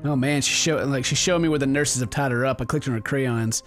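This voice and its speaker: A man's voice: medium pitch, quick pace, faint music behind. A man giving casual, offhand let's-play commentary on a video game. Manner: animated, offhand. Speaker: gameplay commentator.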